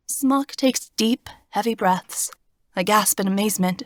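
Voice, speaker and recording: A woman reading a first-person fantasy audiobook in a steady, expressive storytelling voice, recorded on a close studio mic. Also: medium pitch, unhurried, no room sound. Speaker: audiobook narrator.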